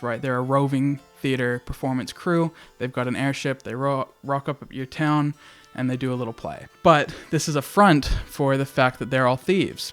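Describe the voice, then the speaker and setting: A man hosting a casual game review video, excitable and chatty, swearing casually as he talks. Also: medium pitch, clean tone. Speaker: video essay host.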